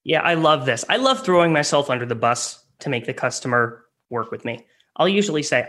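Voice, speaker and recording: A man co-hosting a sales advice podcast, lively and acting out customer and rep lines. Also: medium pitch, a little fast. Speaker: co-host.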